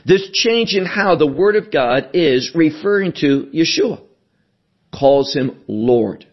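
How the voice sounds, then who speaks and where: A man preaching a sermon, slow and emphatic, repeating his key phrases as he teaches from scripture. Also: on the high side, expressive, muffled recording. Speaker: pastor.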